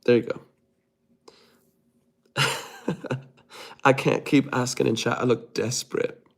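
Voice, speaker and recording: A young man hosting a casual livestream, reading viewer comments aloud and answering them with quick, joking asides. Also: medium pitch, level tone, creaky. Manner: playful, jokey, talks fast with quick asides. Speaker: livestream host.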